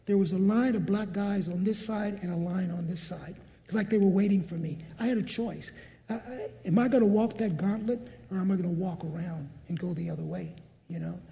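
Man, high voice, dark mellow tone, storytelling testimony, echoing hall. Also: vocal fry. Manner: storytelling, repeats "I said". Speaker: testimony speaker. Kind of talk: personal testimony.

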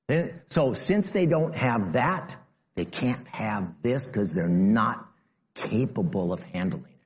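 A man delivers a sermon with a mid-range voice that carries a long hall reverb. He is animated, dropping into low, slow asides and then rising to near-shouts. He acts out the voices of the people he quotes. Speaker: preacher.

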